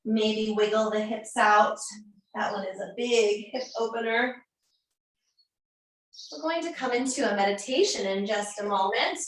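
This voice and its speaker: A woman teaching a yoga class, giving calm, encouraging instructions. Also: fairly high pitch, measured pace, pauses often, a little hiss or hum. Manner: calm, encouraging, gently chanting mantra syllables. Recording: roomy echo, speaker far from mic.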